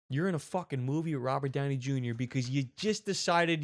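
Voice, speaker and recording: A man hosting a comedy commentary show, telling a rambling, animated story. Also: fairly high pitch, moderate pace, no room sound, studio quality. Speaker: show host.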